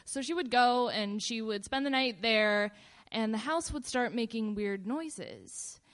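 A woman casually telling a personal story in a relaxed, meandering way, with fillers and pauses. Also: fairly high pitch, clear, resonant tone.

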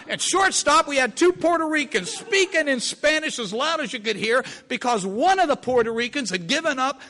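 Older male storyteller, high bright voice, very lively delivery. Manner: animated, vivid, repetitive. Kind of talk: spoken storytelling.

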